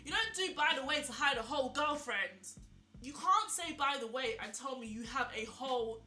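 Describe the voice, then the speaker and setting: Young woman vlogger, higher bright voice, chatty storyteller, echoey room with faint music. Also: normal speed. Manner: animated, incredulous, lots of "like" and repeated questions. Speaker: beauty vlogger. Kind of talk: chatty get-ready-with-me storytelling.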